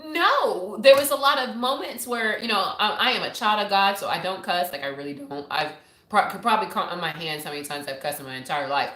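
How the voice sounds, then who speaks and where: A woman's voice: mid-range voice, a little fast, echoey room. A woman in her thirties hosting a live show from her home office, chatting candidly with viewers and telling stories with lots of energy. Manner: candid, animated storytelling. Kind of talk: casual chat to viewers.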